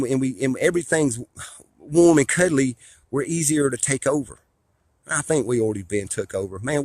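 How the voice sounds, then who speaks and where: A middle-aged father and online commentator delivers a blunt, preachy rant to his viewers, often restarting and repeating phrases. His mid-range voice is husky, and there's no room sound.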